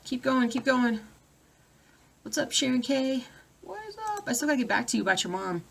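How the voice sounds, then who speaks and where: A woman's voice: high-pitched, big pitch swings, a little fast, gravelly. A woman chatting casually on a live stream at home, reading viewer comments aloud and breaking off to deal with her dogs. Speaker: cross-stitch vlogger.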